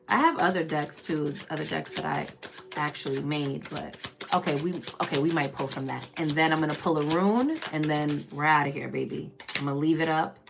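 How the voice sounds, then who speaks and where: Calling her audience "baby" and "y'all," this tarot reader chats and preaches through a casual spiritual reading on a live stream. Her creaky voice lurches between loud emphatic outbursts and quiet murmurs, with background noise audible.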